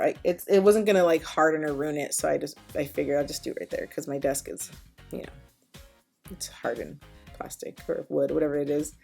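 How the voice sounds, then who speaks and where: A woman's voice: low voice, steady tone, a little fast, gravelly, darkish tone, soft background music. A woman chatting casually as a beauty vlogger, rambling and self-deprecating with lots of fillers. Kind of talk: casual voice-over chat. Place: home, at her desk.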